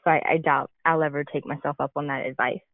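Low-voiced woman on a tinny line. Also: steady tone, fast talker, no room sound. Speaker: guest. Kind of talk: candid podcast conversation.

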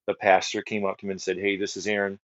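A middle-aged guest ministry leader tells his testimony in a podcast chat, speaking fast in a deep voice with little pitch movement and no echo. Earnest as a storyteller, he repeats phrases and fills his talk with fillers and restarts, in dry, slightly dull audio.

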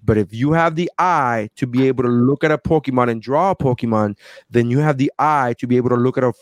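A man's voice: medium pitch, fast talker, no room sound. A man telling a personal story in casual chat and acting out the people he quotes. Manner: animated, acts out quoted people.

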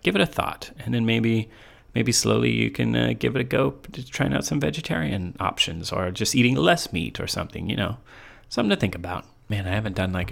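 A man's voice: fairly low pitch, gravelly, fairly bright tone. A man hosting a casual, rambling home podcast, talking with many restarts and laughing often with a friend who is over. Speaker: podcast host.

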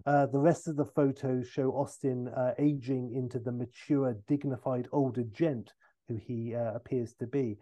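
A man hosting a podcast, telling a comic film pitch in a rambling way with fillers and self-corrections. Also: steady tone, moderate pace, warm tone.

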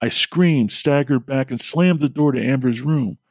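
A man, a podcast host, reading a horror story aloud in a steady, measured way. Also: medium pitch, no room sound, studio quality. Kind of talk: scripted horror story narration.

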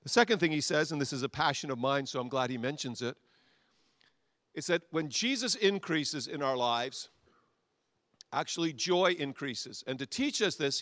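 A man preaching a sermon in church as pastor, animated and drawing the congregation in with questions. His voice sits high and bright and cuts through. The sound is dry and close. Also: no echo.

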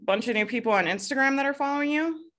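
Speaking fast in a high, animated, slightly bright voice, a Southern US woman coaches a group by video call. This business coach keeps it casual, swearing occasionally, laughing a lot, and mimicking people in put-on voices when quoting them.

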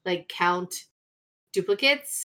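A woman's voice: fairly low pitch, animated, takes it slowly, pushed and bright. A woman co-hosting a casual podcast, adding wry, profane, jokey asides about the episode. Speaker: podcast co-host. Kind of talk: casual chat.

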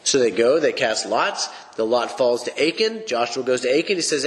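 A man's voice: medium pitch, animated, moderate pace, fairly bright tone. Folksy, emphatic man preaching in reverb. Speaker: Bible teacher. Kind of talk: podcast Bible teaching. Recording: long reverb.

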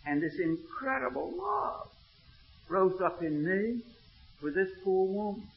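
A man with a slow, gravelly voice preaches a sermon, telling a story with quoted dialogue that he retells in a low voice before rising into emphatic, animated preaching. The recording is muffled and made in an echoey hall.

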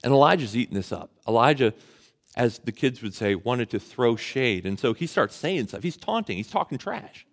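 A man's voice: mid-range voice, sing-song, moderate pace. A man preaching a sermon in a conversational way, asking the audience questions and retelling a story with casual slang. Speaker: pastor.

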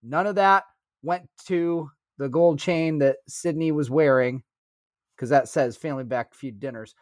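A man's voice: fairly high pitch, unhurried, no echo. A man co-hosting a podcast in casual chat, who swears freely and teases dryly. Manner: swears freely, dry teasing. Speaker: podcast co-host.

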